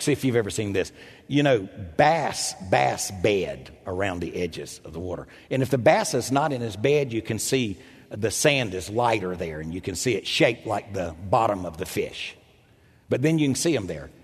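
An older man preaching a storytelling sermon, animated and self-mocking, with a husky voice. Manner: animated, self-mocking, jumps into loud high quoted voices. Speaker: pastor. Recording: echoey hall.

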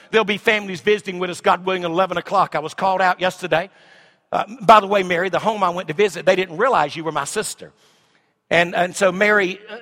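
Middle-aged man, pastor mid-sermon, bright ringing tone, big dynamic swings. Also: high-pitched. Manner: swings from shouting to hushed asides.

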